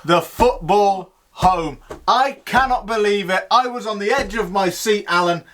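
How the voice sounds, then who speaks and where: A man's voice: high voice, measured pace, a bit bright, a little hiss or hum. A man playing a jubilant, gloating English football presenter who taunts his co-host in a comedy sketch. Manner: gleeful, taunting, showy sign-off.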